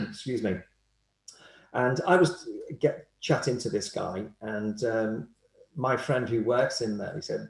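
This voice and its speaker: A man's voice: on the low side, takes it slowly, creaky. Man telling stories, echoey room. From Liverpool, England. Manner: animated storyteller, acts out quoted voices. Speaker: guest, hypnotherapist. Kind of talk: anecdotal interview storytelling.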